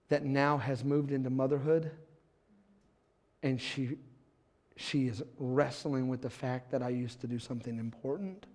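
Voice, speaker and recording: A middle-aged male pastor preaching a sermon in a church, dropping to a hush and then building to shouts, laughing along with the congregation. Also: medium pitch, vocal fry. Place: church sanctuary.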